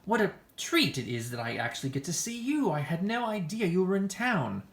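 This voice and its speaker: A smooth-talking, flirtatious man gushes in a low, theatrical voice, as a woman acts him. The hobby voice drama is recorded in an echoey room. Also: sing-song, fairly quick. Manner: theatrical, gushing.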